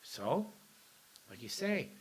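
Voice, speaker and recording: A man's voice: on the high side, sing-song, slow pace, slightly rough. A man chatting as a guest on a casual podcast, talkative and full of restarts. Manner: chatty, lots of fillers and restarts. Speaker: podcast guest, metal radio host. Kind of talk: casual chat.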